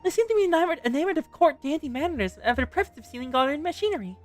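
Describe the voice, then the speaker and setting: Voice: sits high, very animated, racing, faint music behind, voice pushed up. A streamer voicing a formal, gossipy clerk briefing an adventurer. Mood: informative.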